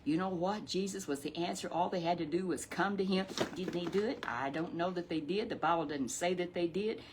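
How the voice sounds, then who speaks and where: Animated woman telling a Bible story. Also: lowish voice, background noise. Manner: animated, rambling, with frequent restarts and drawn-out emphasis. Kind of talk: Bible story for children with a puppet.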